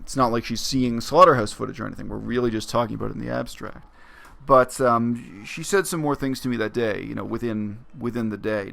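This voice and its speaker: A man talking through a story in a reflective, explanatory vlog monologue, with frequent pauses and fillers. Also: mid-range voice, gravelly, sharp tone. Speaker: vlogger. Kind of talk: casual spoken monologue.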